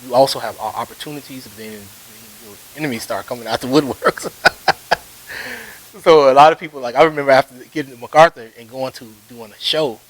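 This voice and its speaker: In a brisk, fairly bright voice, a ragtime pianist being interviewed tells a long, rambling story full of fillers and chuckles. The low-fi video audio is poor, with faint hiss.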